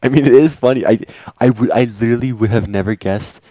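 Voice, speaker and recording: A man's voice: mid-range voice, fast talker, dark tone, no room sound. A young man who is not a native English speaker, chatting casually as a podcast co-host and rambling with lots of fillers and restarts. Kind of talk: casual chat.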